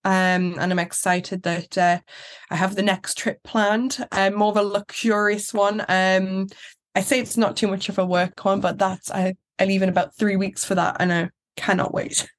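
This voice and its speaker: A young woman from Newcastle with a soft Geordie accent, chatting as a guest in a relaxed interview and laughing easily. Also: medium pitch, moderate pace. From Newcastle, England. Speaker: guest, pageant finalist. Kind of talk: casual interview chat.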